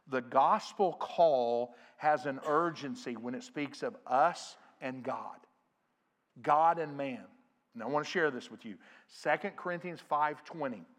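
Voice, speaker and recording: A middle-aged man preaching a sermon as pastor, earnest, growing louder when he quotes scripture. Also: medium pitch. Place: church sanctuary.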